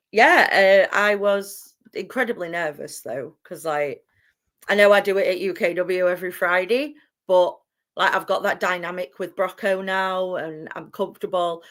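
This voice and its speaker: A young woman from England, an expressive and excitable wrestling announcer answering interview questions with frequent laughter. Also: fairly low pitch.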